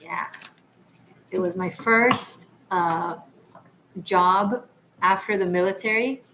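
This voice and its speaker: A woman's voice: lowish voice, slow pace, noisy background. Chatty woman tarot livestream host. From Israel. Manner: chatty, laughing, rambling asides. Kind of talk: casual livestream chat.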